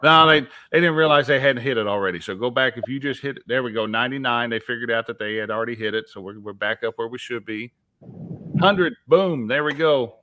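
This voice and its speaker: Bright, chatty Southern man. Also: medium pitch, a little fast, dry recording. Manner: chatty, rambling storytelling with restarts. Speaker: fishing livestream co-host. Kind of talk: casual livestream chat.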